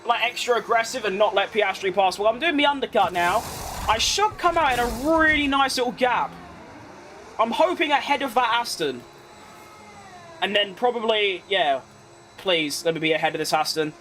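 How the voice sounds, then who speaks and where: A man giving live commentary over his racing game, excitable and quick to shout at close calls, with casual swearing. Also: high voice, slight background noise. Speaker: gaming creator.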